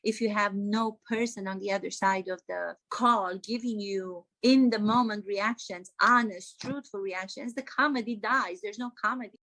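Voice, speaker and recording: A woman's voice: medium pitch, steady tone, normal speed, hardly any pauses, fairly bright tone, poor audio. A woman acting coach giving satirical commentary to camera, emphatic, exasperated and sarcastic.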